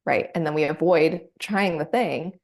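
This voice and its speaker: A woman practitioner guiding a client through a somatic coaching session, gentle and encouraging. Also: low voice, measured pace, vocal fry. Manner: gentle, encouraging, acts out inner voices.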